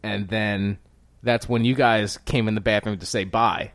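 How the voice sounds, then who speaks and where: A man talking casually and hesitantly with friends, in a low-key, mumbling way. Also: fairly even intonation, measured pace, a bit bright, no room sound. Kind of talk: casual chat among friends.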